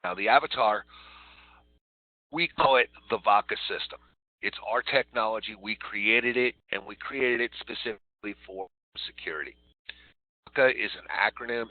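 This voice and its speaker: A man's voice: on the low side, moderate pace, no room sound. A man giving a step-by-step training talk to call center agents, often checking in with "all right". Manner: repeats "all right" and "so" while walking through steps. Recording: tinny phone-like recording.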